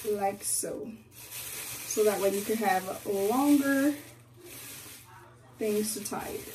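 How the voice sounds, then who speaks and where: A young woman, a beauty vlogger, chatting casually with viewers in an animated way as she tells a personal story during a hair routine at home. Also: medium pitch, takes it slowly, far from the mic, a little hiss or hum. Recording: echoey room, away from the mic.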